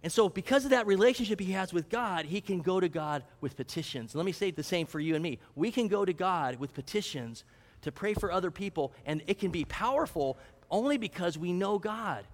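A man preaching a sermon with a high voice, talking to his listeners and acting out prayers. His voice rings with long reverb. He asks questions, then answers them himself. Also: animated, a little fast. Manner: acts out prayers and a mock auction. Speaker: pastor.

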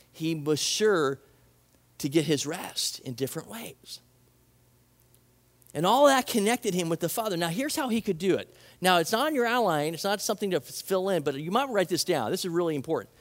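A man with a high voice for his sex preaches a sermon to his congregation. He talks in an earnest, conversational way, leaning on repetition to drive points home. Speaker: pastor.

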